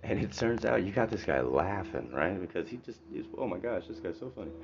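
A man with an extremely deep voice tells a story in a casual, conversational monologue. He keeps checking in with his listeners as he goes. The recording is dull and lo-fi, with faint noise underneath.

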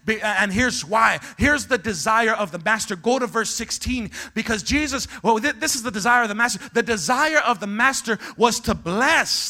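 A male pastor preaching in a church, calling on the congregation to shout back, dropping Spanish words into his talk, and swinging between loud shouting and hushed, low passages. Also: brisk. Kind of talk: call-and-response preaching. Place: church sanctuary.

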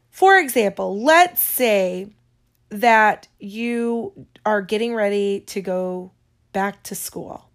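Woman, unhurried, casual and digressive advice-giving vlogger. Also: medium pitch. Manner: chatty, digressive, yawning often.

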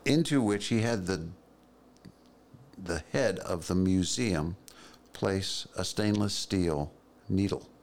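A man's voice: low-pitched, slow, darkish tone. A man co-hosting a podcast in casual chat, telling stories with dry, wry asides. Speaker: podcast co-host.

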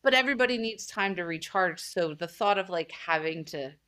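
A young woman with a slightly low-pitched voice chats reflectively as a podcast guest. She sprinkles her speech with "like" and loose restarts. Her tone is casual and personal. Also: expressive, a little fast, fairly bright tone. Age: young adult. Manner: chatty, reflective, many fillers like "like". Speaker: podcast guest, boudoir photographer. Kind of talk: casual conversational interview.

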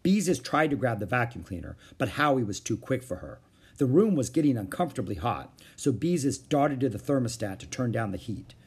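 A man reading a children's book aloud in an expressive storytelling manner. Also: medium pitch, fairly quick, husky.

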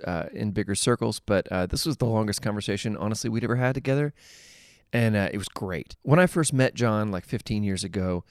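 A man's voice: lowish voice, smooth, dry recording. A man hosting a podcast, talking in a chatty, easygoing way with fillers in a studio. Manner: warm, chatty, filler words. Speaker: podcast host. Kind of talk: scripted podcast intro and casual interview. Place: recording studio.

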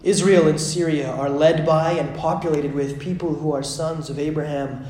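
A man preaching a sermon, swinging between loud, pressing lines and hushed, drawn-out ones. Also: a little high, fairly even intonation, roomy sound, slight background noise.

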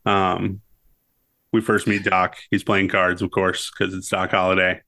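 A man co-hosting a podcast, chatting eagerly about a film with quick laughs. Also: sits low, level tone, sharp tone. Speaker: podcast co-host. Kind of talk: casual chat about a movie.

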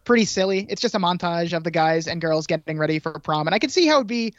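A man's voice: high-pitched, expressive, fast talker, no room sound. A man co-hosting a movie recap podcast, giving wry casual commentary and chuckling between points. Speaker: podcast co-host. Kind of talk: casual chat. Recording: dull lo-fi mic.

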